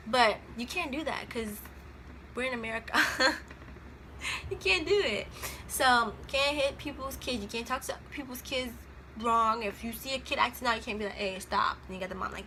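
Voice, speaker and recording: A young woman in her twenties talks to the camera as if to a girlfriend, loose, slangy and rambling. Her voice is bright and a little high. Faint room noise sits behind her. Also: normal speed. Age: 20s. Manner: chatty, rambling, laughs often, slangy. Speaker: vlogger. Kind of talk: casual chat to camera.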